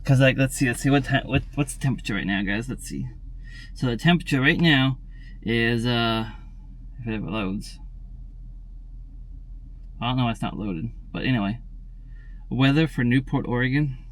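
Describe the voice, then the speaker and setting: A man vlogging to his viewers in a loose, rambling way. He keeps circling back with filler like "and everything," speaks at a middling pitch and repeats little phrases as he goes. The talk sounds off the cuff and chatty. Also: moderate pace, long pauses. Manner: rambling, tacks on "and everything" and "tell you what" constantly; talks straight to viewers, repeats words. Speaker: daily vlogger. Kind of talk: casual rambling vlog chat.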